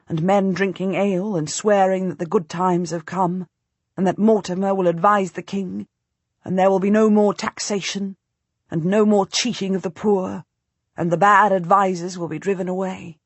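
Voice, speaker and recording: A woman narrating a first-person historical novel as an audiobook, in a measured, steady way. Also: medium pitch, dry recording.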